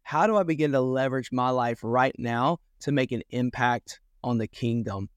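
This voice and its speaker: A man's voice: medium pitch, moderate pace, no room sound, studio quality. A man hosting a faith podcast, asking earnest, encouraging questions in a casual interview style. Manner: earnest, encouraging, asks long framing questions. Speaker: podcast host.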